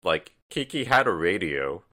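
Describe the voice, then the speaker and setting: A man's voice: deep voice, measured pace. A man co-hosting a podcast, chatting casually about a film and handing the turn to others. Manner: relaxed, chatty, prompts others to speak. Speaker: podcast co-host.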